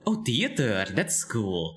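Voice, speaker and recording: A man's voice: medium pitch, huge pitch swings, takes it slowly, soft background music. A man hosting a casual online interview, rambling with many fillers and laughing often. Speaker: interview host. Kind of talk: casual video interview chat.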